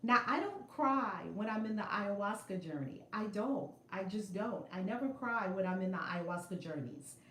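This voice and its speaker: A middle-aged woman tells a story to her livestream viewers, animated and emphatic, often repeating herself. Her voice sits in an ordinary middle range. The phone mic picks up a roomy echo from her room at home. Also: medium pitch, normal speed, hardly any pauses. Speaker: spiritual vlogger. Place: home room with altar and shelves. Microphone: phone camera.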